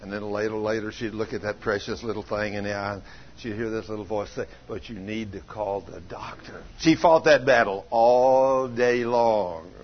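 A man preaching a sermon, telling folksy stories and swinging from loud to hushed. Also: fairly low pitch, normal speed. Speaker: pastor. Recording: dull lo-fi sermon recording.

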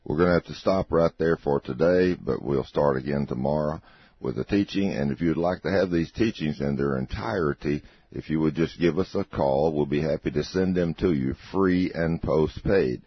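Super deep husky guy reading the ministry sign-off, slow and careful. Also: no room sound. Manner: slow, deliberate, repeats numbers carefully. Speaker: ministry announcer. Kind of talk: closing announcement. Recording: dry dull lo-fi audio.

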